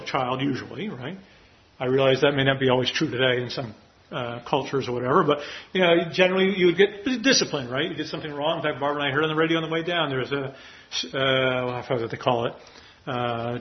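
A man teaching a Bible passage in a casual, rambling way, often asking "right?" and chuckling. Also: a little high. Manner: rambling, many "right?" and "you know" asides, chuckles. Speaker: preacher teaching a Bible study. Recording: muffled lo-fi recording.

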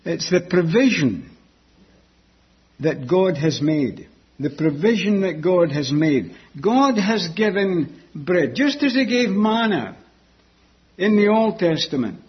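A man preaching a sermon that explains a Bible passage, deliberate and repeating key words for emphasis. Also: high-pitched, very animated, slightly rough, lo-fi sound.

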